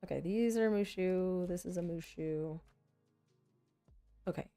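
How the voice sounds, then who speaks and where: With faint music playing behind her, a woman with a lowish, mellow voice rambles casually to viewers as she sorts her cards into a deck. She teases herself and slips into brief mock conversations along the way.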